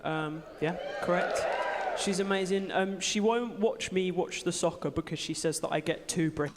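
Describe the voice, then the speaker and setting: A woman's voice: lowish voice, moderate pace, heavy background noise. A woman with an English accent performing a stand-up set with a dry, wry delivery. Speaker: stand-up comedian. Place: comedy theatre stage. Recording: live hall with crowd laughter.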